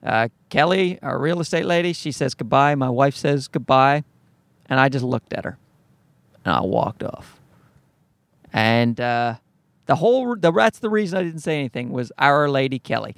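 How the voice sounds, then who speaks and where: A man's voice: mid-range voice, expressive, moderate pace, a bit bright, dry recording. A man telling a story to his viewers as a profane, exasperated rant. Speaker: vlogger. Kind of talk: ranting storytime.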